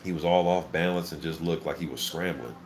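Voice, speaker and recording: A man hosting a casual live boxing reaction, calling the action play-by-play in an excitable, filler-heavy way. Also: extremely low pitch, a little fast, a little hiss or hum. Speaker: boxing channel host. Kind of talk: live fight commentary reaction.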